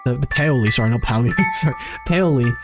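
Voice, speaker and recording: A woman's voice: extremely low pitch, very fast, over music. A woman streamer playing through and reading a visual novel, rambling and correcting her own slips. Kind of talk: game playthrough commentary.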